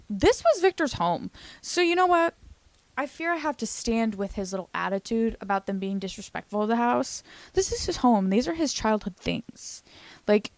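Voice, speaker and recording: A young woman casually recapping a TV series in a chatty, animated way, swearing now and then. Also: fairly high pitch, no room sound. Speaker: recap vlogger.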